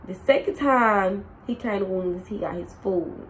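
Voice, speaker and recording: A young woman tells a storytime in a loose, slangy way, talking right at her viewers. Her voice sits at a middle pitch. A faint hiss of background noise stays under her. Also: normal speed, rough recording. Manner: animated, slangy, addresses viewers directly. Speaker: storytime vlogger. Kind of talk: casual storytime chat.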